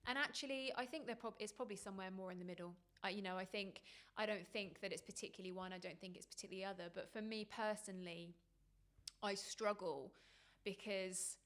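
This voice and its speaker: Yoga teacher woman cohosting a podcast, thinks out loud, mid pitch, says yeah a lot. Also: fairly even intonation, brisk. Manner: thoughtful, reflective, many agreeing yeahs. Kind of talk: conversational podcast chat.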